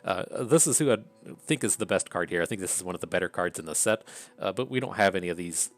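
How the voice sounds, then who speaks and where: A man's voice: sits low, animated, quick pace, soft background music. A man with an Appalachian accent casually thinking aloud through card draft picks, with many fillers and restarts. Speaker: card game content creator.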